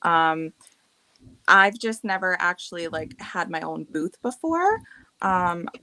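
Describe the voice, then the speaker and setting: Bright-toned chatty woman from Massachusetts. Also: fairly low pitch, expressive, slow, dry recording. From Massachusetts, USA. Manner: chatty, laughs often. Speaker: writer and artist on a panel. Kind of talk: casual chat.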